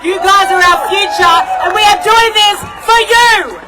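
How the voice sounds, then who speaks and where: A woman, an organiser giving an animated, casual speech at an outdoor rally, shouting lines for emphasis. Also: extremely high pitch, moderate pace, a faint crowd, low-quality recording.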